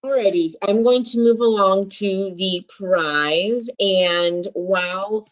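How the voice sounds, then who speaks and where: A woman's voice: mid-range voice, slow pace. Upbeat woman hosting a webinar. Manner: upbeat, chatty, enthusiastic. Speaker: webinar host. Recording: slightly dull lo-fi sound.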